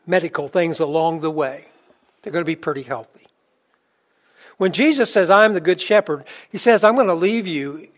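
A man preaching with a fairly high voice. He talks to the congregation in a conversational way, builds to loud, emphatic points, then sinks to a quiet, low delivery. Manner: rising to emphatic peaks, then dropping low and soft; conversational, with fillers and restarts. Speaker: pastor. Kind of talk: sermon.

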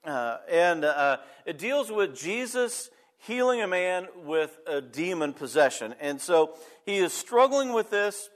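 A pastor telling a personal story in a sermon, conversational and talking straight to the congregation. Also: male voice, sits high, very animated, a little slow, hardly any pauses.

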